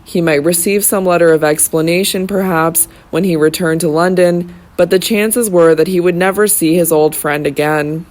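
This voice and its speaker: An audiobook narrator reading a classic novel in steady, even scripted narration. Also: mid-range voice, moderate pace, few pauses.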